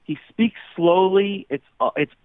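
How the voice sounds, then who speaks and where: A man tells stories on a call, lively and quick to slip into other voices. His line sounds thin and phone-like, with no room around it. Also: sits high, no room sound. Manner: animated, jumps into voices and impressions. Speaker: guest impressionist. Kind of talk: casual phone-in chat.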